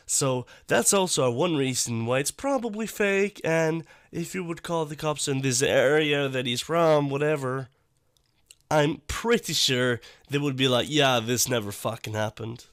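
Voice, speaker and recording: A man giving blunt, profane reaction commentary, talking in an animated and dismissive way. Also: medium pitch, a little slow, dry recording, clean studio sound. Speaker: YouTube commentator.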